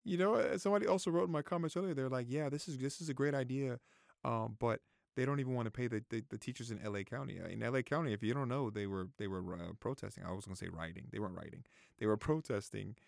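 A man in his thirties talks straight to his viewers in a casual vlog, repeating himself, swearing freely and choking up. His voice has a gravelly edge and a middling pitch. The sound is close and dry. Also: quick pace, darkish tone, no echo. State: close to tears. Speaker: vlogger. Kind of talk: casual opinion talk to camera.

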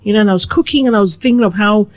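A middle-aged woman from Nigeria, a guest telling her life story in a relaxed, reflective way. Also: mid-range voice, racing. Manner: reflective, animated with quoted asides. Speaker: guest, food blogger. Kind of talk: conversational storytelling.

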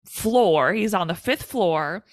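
A woman's voice: lowish voice, animated, slow pace, no room sound. Chatty woman recapping a film. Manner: chatty retelling full of "like" and quoted lines. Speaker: podcast co-host. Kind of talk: casual movie recap chat.

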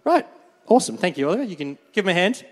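Pastor, man, high voice, chatty sermon, long hall reverb. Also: rapid-fire. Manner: conversational, asks the crowd for amens; animated, laughs often. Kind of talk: sermon with a volunteer on stage.

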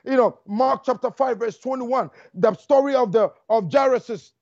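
A man preaching a fervent sermon, talking fast and repeating lines for emphasis. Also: very high voice, a little mellow, dry recording. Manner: fast, rushing delivery. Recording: dull lo-fi dry recording.

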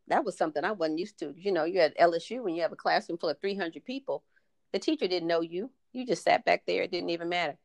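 A middle-aged woman with a low-ish voice tells stories as a guest in a casual podcast chat, acting out the lines of the people she quotes. There is no echo on the recording.

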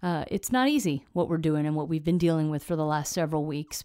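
A woman's voice: sits low, animated, a little fast, hardly any pauses, mellow, clean tone, no room sound. A woman hosting a podcast interview, talking in an earnest, emotional, chatty way and sounding close to tears. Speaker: podcast host.

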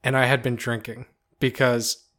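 Deadpan, teasing young man. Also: mid-range voice, normal speed. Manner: deadpan teasing, animated when telling a story. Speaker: podcast co-host. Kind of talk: casual chat, storytelling.

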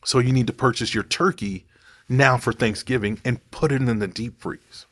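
A man's voice: mid-range voice, moderate pace, a bit bright, no room sound, studio quality. A man talking casually to camera in a rambling, digressive way, thinking aloud as he goes. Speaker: vlogger.

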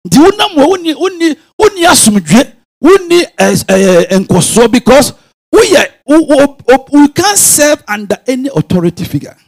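A man with a Ghanaian accent preaching a sermon, swinging from quiet musing to sudden shouted bursts. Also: very high voice, sing-song, moderate pace, gravelly. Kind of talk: sermon mixing Twi and English.

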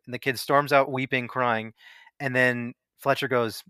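A man hosting a casual podcast discussion, retelling scenes with animated delivery and frequent laughs. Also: mid-range voice, unhurried, clear, resonant tone, no room sound, clean studio sound. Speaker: podcast host.

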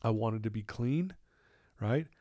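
In his office, an addiction recovery counselor appears as a guest and tells a personal story candidly and with feeling. His lowish voice is expressive, warm, and a little slow, captured in a clean studio sound with no room noise.

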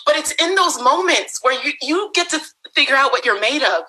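A young woman giving an animated motivational talk to an audience, laughing often and acting out quotes. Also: high-pitched, brisk, rough recording. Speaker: speaker on a summit panel.

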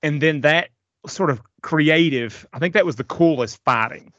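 A man's voice: a little high, moderate pace, a bit bright, dry recording. Rambling man with a dry, muffled voice. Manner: rambling, laughs often, self-interrupting. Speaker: podcast co-host. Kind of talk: casual movie discussion.

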